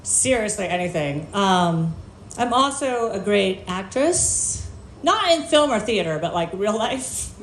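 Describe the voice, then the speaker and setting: A woman's voice: mid-range voice, lively intonation, unhurried, background noise. A woman doing a stand-up set on a bar stage, telling stories in a brash, profane, self-mocking way. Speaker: stand-up comedian. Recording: echoey live room.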